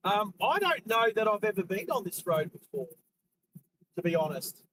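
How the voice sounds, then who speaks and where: This high-pitched, very animated Australian man runs a live driving stream, talking casually with his audience and calling out sights as he goes. He speaks at a moderate pace and flips between road remarks and viewer chat. The background is noisy.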